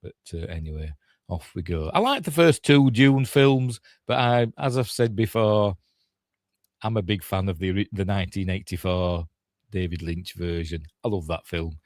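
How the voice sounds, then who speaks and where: A man's voice: low voice, moderate pace, darkish tone, dry recording. An older man with a Yorkshire accent, chatting casually as a podcast host reacting to a film trailer, grumbling and mocking himself.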